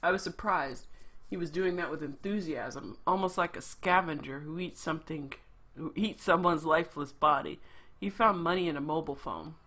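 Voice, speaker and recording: A game streamer reading a story game's narration aloud, with quick asides of their own. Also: medium pitch, bright, forceful tone, slightly rough.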